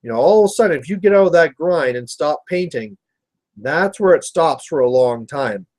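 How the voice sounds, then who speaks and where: A man's voice: a little high, lively intonation, normal speed, a little mellow. A Canadian man hosting a painting livestream, chatting casually and rambling through stories while he paints. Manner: rambling storyteller, chatty with viewers. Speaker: miniature painting livestream host.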